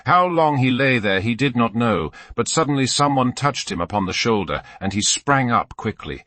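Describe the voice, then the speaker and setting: A man reading a classic novel aloud as an audiobook narrator, in steady storytelling and voicing the characters. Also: mid-range voice, moderate pace, no room sound.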